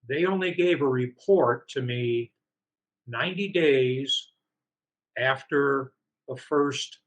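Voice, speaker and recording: Man, husky, casual storytelling, exasperated, mid-pitched. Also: a bit bright, poor audio. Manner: exasperated, mimics the company's replies. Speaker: author telling a complaint.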